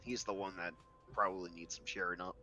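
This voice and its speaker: A man's voice: low-pitched, steady tone, brisk, sharp tone, faint music behind. A man playing a tabletop role-playing game, speaking hesitantly with lots of fillers. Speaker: player. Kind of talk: casual tabletop game play.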